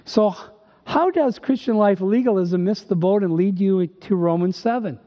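A man's voice: high-pitched, normal speed. An older male pastor from northern Minnesota, preaching emphatically with rhetorical questions and dry humor. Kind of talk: sermon. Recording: dull recording with long hall reverb.

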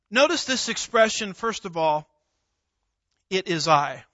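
Male preacher, high-pitched and unhurried, punchy word-by-word emphasis, dull lo-fi recording. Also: lively intonation, bright, forceful tone, no room sound. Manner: emphatic, deliberate, stresses single words. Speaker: pastor. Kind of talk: expository sermon.

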